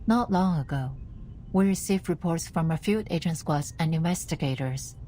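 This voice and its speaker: A woman voicing a cool, formal administrator in a game, speaking in a calm, businesslike way. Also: deep voice, normal speed, slight background noise, close to an everyday voice. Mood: serious. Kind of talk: game voice acting.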